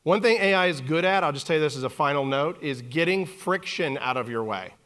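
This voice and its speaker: Animated man giving a keynote. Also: a little high, brisk. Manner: animated, joking with the audience. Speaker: keynote speaker. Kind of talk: live keynote presentation. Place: conference hall stage.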